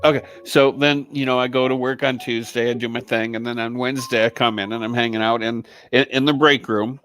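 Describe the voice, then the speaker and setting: A man chatting casually on a show, telling a lively story with swearing and acted-out quotes. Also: brisk, faint music behind. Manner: animated, swearing, acts out quotes in a high voice. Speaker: co-host, guest telling a story.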